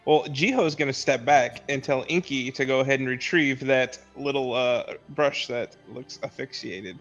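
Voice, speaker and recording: A man playing a tabletop game, teasing the others in a deadpan way. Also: mid-range voice, normal speed, dull audio, faint music behind. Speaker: player.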